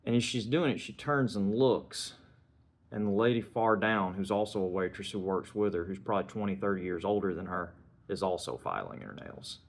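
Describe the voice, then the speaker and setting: Guy with a lowish voice chatting about a movie, easygoing, retells the scenes himself. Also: normal speed. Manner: conversational, retells scenes and dialogue in his own words. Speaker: film reviewer. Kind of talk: casual spoken film review.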